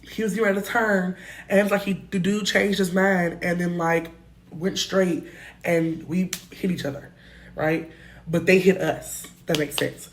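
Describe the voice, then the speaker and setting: A young woman telling a casual storytime, animated and slangy, swearing freely and jumping between loud bursts and muttered asides. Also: fairly low pitch, moderate pace, a little hiss or hum. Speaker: storytime vlogger.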